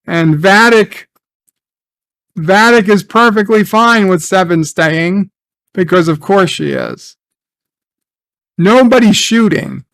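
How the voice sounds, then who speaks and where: A man's voice: sits high, slow pace, long pauses, a bit bright, no echo. A man recapping and reviewing a TV episode in casual, sarcastic commentary, swearing and trailing off into restarts.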